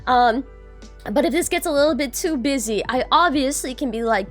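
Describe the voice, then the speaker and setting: A woman's voice: sits high, animated, moderate pace, soft background music. A young adult woman streaming, chatting casually and greeting her viewers by name, bubbly and swearing now and then.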